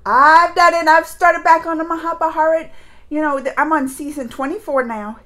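A woman's voice: high-pitched, fairly even intonation, normal speed, bright, forceful tone. A woman hosting a reaction vlog, chatting in a rambling, emotional way as a mother. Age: adult mother. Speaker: reaction video host. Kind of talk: casual reaction vlog chat.

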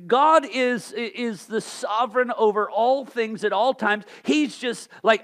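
A male pastor preaching a sermon, asking rhetorical questions and swinging from loud emphasis to hushed tones. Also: extremely high pitch, takes it slowly, hardly any pauses.

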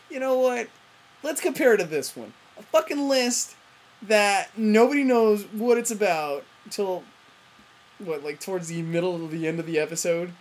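A woman's voice: medium pitch, lively intonation, moderate pace, a little hiss or hum. A woman ranting in a TV review vlog, profane and rambling, often breaking off mid-sentence. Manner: frequent self-interruptions and fillers. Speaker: TV review vlogger.

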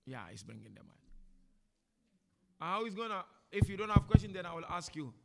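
A man, a sheikh, giving a chatty, animated religious talk to an audience in a mosque and taking their questions. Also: high voice, fairly quick, vocal fry, very noisy. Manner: animated, chatty teacher with laughs and asides. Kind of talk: informal religious lecture with Q&A. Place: mosque hall before an audience.

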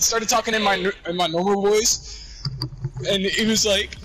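A man's voice: high-pitched, moderate pace, pauses often, background noise. A teenage boy chatting crudely and rambling through laughing stories while gaming with friends over voice chat. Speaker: gamer.

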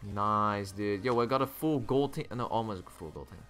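A man's voice: fairly low pitch, normal speed, a bit bright. A young man streaming a game live, chatting with viewers and ranting with frequent swearing. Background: faint music.

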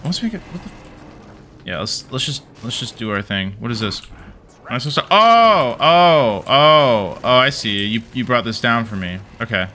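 A man's voice: medium pitch, sing-song, moderate pace, bright, forceful tone, slight background noise. A man casually commenting on his gameplay as a video host, goofy and rambling, swearing and laughing as he plays.

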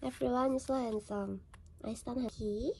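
A woman's voice: on the high side, fairly even intonation, unhurried, mellow, husky. A young woman from Indonesia, gushing and gasping with delight as she chats casually in a fan vlog. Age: young adult. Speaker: vlogger.

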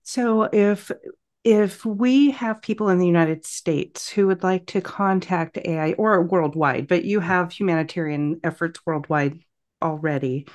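A woman's voice: on the low side, measured pace, a little mellow. A woman hosting a podcast interview, asking thoughtful, probing questions with some fillers. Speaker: podcast host.

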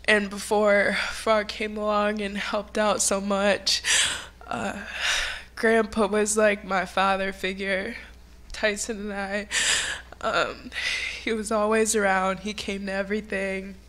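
Slow-talking young woman giving a funeral tribute. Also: mid-range voice, little pitch movement. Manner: fond, laughing through memories, softening when serious. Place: church sanctuary.

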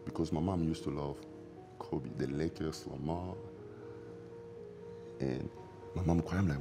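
A man, an interview guest recalling events in a halting, reflective way, repeating phrases with loose grammar. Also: rumbling low, fairly even intonation, over music. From Democratic Republic of the Congo. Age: 40s. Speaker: interview guest, former basketball player. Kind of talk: emotional recollection in a sit-down interview.

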